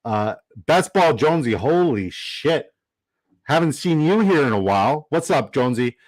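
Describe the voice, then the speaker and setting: A man's voice: medium pitch, very animated, normal speed, no room sound, poor audio. A man hosting a live stream in a casual, upbeat way, rambling and reading out viewer comments. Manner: chatty and upbeat, rambling with fillers and shout-outs. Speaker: livestream host.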